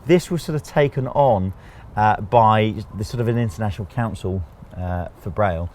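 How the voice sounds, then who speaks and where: A man's voice: lowish voice, normal speed, a little mellow, slight background noise. A man co-hosting a casual chat, explaining things step by step with jokes along the way. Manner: chatty, jokey, explaining step by step. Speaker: co-host.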